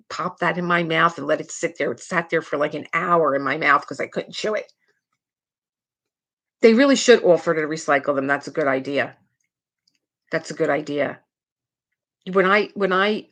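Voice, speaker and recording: A woman's voice: deep voice, creaky, a bit bright. A middle-aged woman hosting a live craft stream, chatting casually and rambling with her viewers. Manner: rambling, chatty, trails off and restarts. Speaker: diamond painting livestream host.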